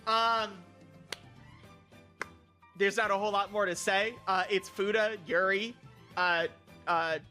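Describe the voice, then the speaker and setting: Bright high-voiced young man, stammering. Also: steady tone, slow, pauses often, faint music behind. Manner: rambling, stammering, crude, mock-outraged outbursts. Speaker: streamer. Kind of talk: casual stream chat, reviewing viewer picks.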